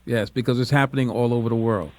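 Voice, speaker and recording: A man's voice: medium pitch, steady tone, quick pace, a little mellow, no room sound. A man from the United States hosting a call-in radio talk show, speaking in an earnest, encouraging way.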